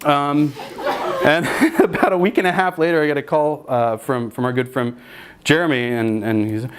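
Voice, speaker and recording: A young man telling a comedic story in an animated way, laughing and leaping high in pitch when he quotes himself. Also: moderate pace. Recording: noisy background.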